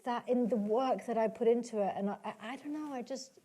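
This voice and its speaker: A woman's voice: fairly high pitch, fast, warm tone, slight background noise. A woman with a British accent speaking on stage in a conversation, hesitant, with many restarts and fillers. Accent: British English. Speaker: guest at a literary talk. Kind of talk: onstage conversation with audience questions.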